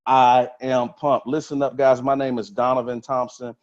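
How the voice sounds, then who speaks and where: Hyped-up guy on a webinar call, mid-pitched, kinda dull lo-fi sound. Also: moderate pace. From Texas. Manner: energetic, repeats phrases for emphasis. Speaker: motivational speaker on a trading webinar. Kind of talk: motivational webinar talk. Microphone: webinar call mic. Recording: slightly dull lo-fi webinar audio.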